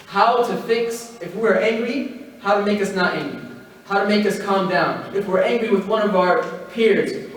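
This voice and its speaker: A man giving a religious study-circle talk. He recites Arabic scripture, explains it in English, numbers his points and asks the audience rhetorical questions. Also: high-pitched. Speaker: halaqa speaker. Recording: very echoey hall, distant mic, faint noise.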